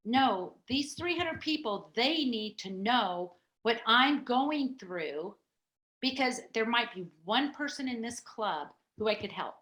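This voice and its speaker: A middle-aged woman, a podcast guest, telling a personal story in a chatty, animated way with many fillers. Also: on the high side, takes it slowly. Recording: echoey room.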